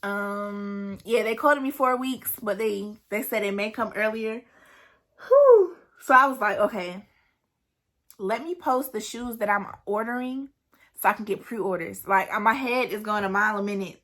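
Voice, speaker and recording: A woman's voice: mid-range voice, moderate pace, sharp tone. A young woman, chatting casually to camera about starting her business, with lots of asides to her viewers. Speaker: vlogger and new business owner.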